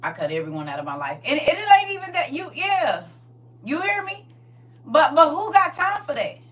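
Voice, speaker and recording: A woman delivers a casual sermon, calling out to her listeners and coaxing answers from them. Her voice is bright and fairly high, and it reaches the mic from some distance away. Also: big pitch swings, moderate pace. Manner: conversational, call-and-response with congregation. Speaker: preacher. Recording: voice from far off the mic.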